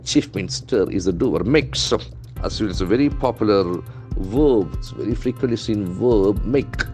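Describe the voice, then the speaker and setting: Man, teacher, low voice, faint music underneath, spells words letter by letter. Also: lively intonation, a little slow, darkish tone. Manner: methodical, spells words out letter by letter, keeps calling words beautiful. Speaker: English language trainer. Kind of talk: lesson.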